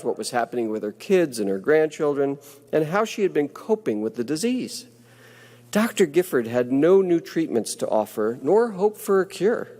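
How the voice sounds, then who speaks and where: A man's voice: mid-range voice, a little mellow. Earnest man speaking in a reverberant hall. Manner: earnest, reflective storytelling. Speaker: ceremony speaker. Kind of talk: prepared ceremonial speech.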